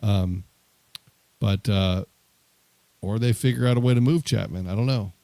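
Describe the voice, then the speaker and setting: Low, mellow male co-host in dry sound. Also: measured pace, creaky, no room sound. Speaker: sports show co-host. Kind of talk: casual sports talk.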